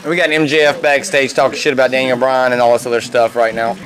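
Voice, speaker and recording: A man hosting a casual wrestling review podcast, rambling excitedly and swearing freely as he reacts. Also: mid-range voice, quick pace, over music.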